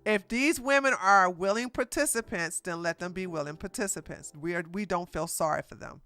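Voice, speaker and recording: A woman's voice: on the low side, a little fast, pushed and bright, dry recording, soft background music. A woman giving casual reaction commentary, blunt and emphatic, lecturing in slangy speech. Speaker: commentary streamer.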